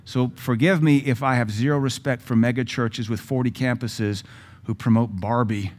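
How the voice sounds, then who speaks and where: A pastor preaching a sermon with a Southern American accent, blunt and sarcastic, acting out quotes. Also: male voice, mid-range voice, steady tone, moderate pace.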